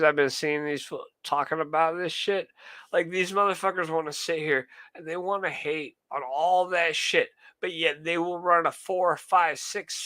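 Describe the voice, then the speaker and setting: Bright-voiced man ranting profanely. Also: on the high side, dry recording. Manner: profane, heated, talks to chat. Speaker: streamer. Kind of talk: casual ranting monologue.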